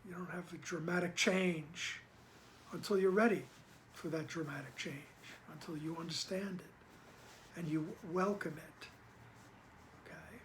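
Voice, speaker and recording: A man reading and explaining a spiritual text in casual spoken commentary, gentle and reassuring, often checking in with his listeners. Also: a little high, measured pace, long pauses, a little hiss or hum, poor audio. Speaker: spiritual study reader and teacher.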